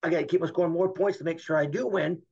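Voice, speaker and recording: A middle-aged man with a gravelly, husky voice, pitched a bit high, tells stories in a candid interview. He rambles and stresses his points, acting out the conversations he recalls. The audio sounds muffled and lo-fi. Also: fairly even intonation, very fast, a little mellow. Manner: rambling, emphatic, acts out dialogue. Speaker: guest, former Olympic wrestler.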